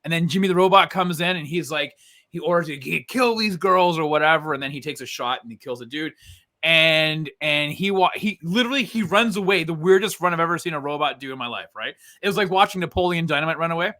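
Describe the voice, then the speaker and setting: A man's voice: on the high side, quick pace, sharp tone. A man co-hosting a casual review chat, retelling a film's plot in a rambling way full of fillers. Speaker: co-host reviewing a film.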